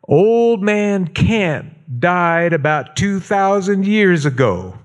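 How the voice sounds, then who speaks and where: A man preaching a sermon, voicing a kindly old grandfather who coaxes a child in a raised, gentle voice. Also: very animated, drawn-out words, full character voice. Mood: coaxing. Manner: coaxing, warm, raised pitch.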